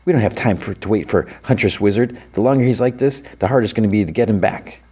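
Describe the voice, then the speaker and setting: A man with a low voice putting on a higher voice for a curt, commanding young cartoon princess. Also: fast, a little mellow, slightly rough. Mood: impatient.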